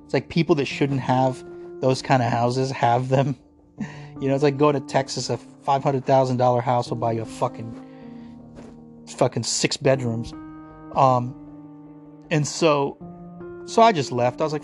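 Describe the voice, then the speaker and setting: A man's voice: medium pitch, normal speed, darkish tone, soft background music. A man from the United States in a casual ranting monologue, profane, sarcastic and combative.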